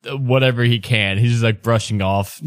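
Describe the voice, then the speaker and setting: A man's voice: medium pitch, steady tone, moderate pace, no echo, studio quality. A man narrating as game master in a casual way, laughing often.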